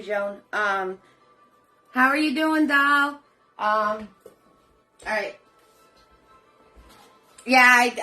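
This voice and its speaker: A middle-aged woman with a medium-pitched, sharp-toned voice teaches a live online painting class while faint music plays in the background. The chatty, encouraging instructor greets viewers by name and calls them sweetheart and hun.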